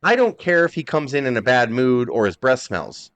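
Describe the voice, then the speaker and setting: A man's voice: medium pitch, big pitch swings, normal speed, fairly bright tone. A man hosting a wrestling podcast, recounting events in a heated, profane way. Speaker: podcast host. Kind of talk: casual chat.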